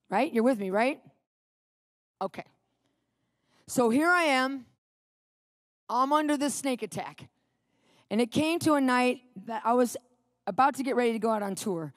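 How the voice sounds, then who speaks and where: A woman's voice: a little high, dry recording, clean studio sound. A middle-aged woman preaching a sermon, telling a personal story and reading scripture with dramatic emphasis, often checking in with her listeners. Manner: animated, questioning the audience, dramatic scripture reading.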